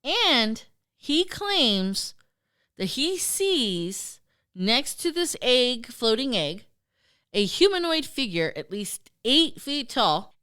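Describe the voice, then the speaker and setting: A woman's voice: high voice, smooth. A woman co-hosting a podcast, telling a story in casual, profane chat and acting out the voices in it. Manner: animated, profane, acts out quoted voices. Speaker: podcast co-host.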